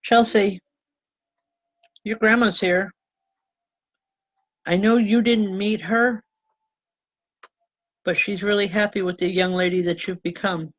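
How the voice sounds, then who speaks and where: A woman's voice: medium pitch, fairly even intonation, takes it slowly, long pauses, dull audio. A woman reverend giving live spiritual readings to viewers. She talks informally, uses endearments like hon and babe, and breaks in with ums and restarts. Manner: chatty and informal, calling people hon and babe, with frequent ums and self-corrections; often laughs and apologizes to the audience.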